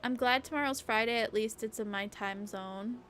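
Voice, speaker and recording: A woman's voice: on the high side, moderate pace, a bit bright, soft background music. A young woman streaming a casual late-night chat, rambling and chatty, peppering her talk with "like" and the odd swear word. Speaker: VTuber streamer.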